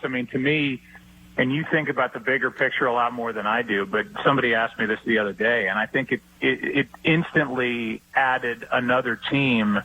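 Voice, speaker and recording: A middle-aged man, a sports broadcaster, telling stories and giving his view in a relaxed talk-show interview. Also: medium pitch, poor audio.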